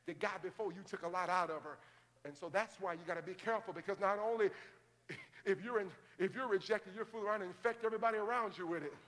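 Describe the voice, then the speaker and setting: Male pastor, high voice, preaching a sermon, long hall reverb. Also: fast talker. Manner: preaching, rising to shouted call-and-response. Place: large church.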